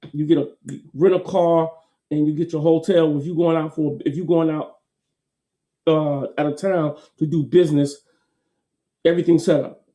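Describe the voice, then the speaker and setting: A man gives a casual motivational talk. His tone is very dark and mellow, sitting a little high. He repeats his points emphatically in a folksy way. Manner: folksy, repetitive, emphatic with laughs.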